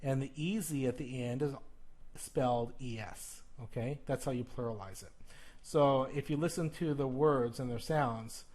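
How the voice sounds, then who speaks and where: A male teacher in a video lesson explains plural sounds directly to the viewer, checking in with "okay?" and exaggerating each sound he demonstrates while flipping through a textbook. His voice is mid-range and a little mellow, at normal speed.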